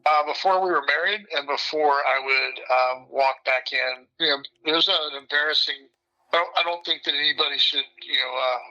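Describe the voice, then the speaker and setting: A man guest telling his life story candidly, in a blunt and animated way. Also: a little high, brisk, poor audio. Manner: blunt and animated, breaks into laughter.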